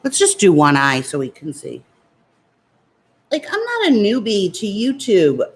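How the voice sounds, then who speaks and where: A woman's voice: medium pitch, huge pitch swings, measured pace, slightly rough. A woman beauty vlogger chatting casually while doing her makeup and answering viewer comments in a defiant, talkative way. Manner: defiant, chatty, talks back to critics.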